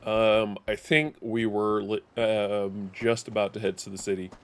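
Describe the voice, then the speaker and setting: A man's voice: fairly low pitch, steady tone, a little slow, slight background noise. A man streaming a game live, chatting casually and thinking aloud with plenty of fillers. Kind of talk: casual live gameplay commentary.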